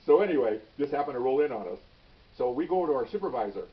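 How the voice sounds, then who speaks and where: A man in his sixties, a retired police officer telling a story in an animated way, with many restarts and "okay?" tags. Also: mid-range voice, fast. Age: 60s. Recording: dull, slightly distant recording.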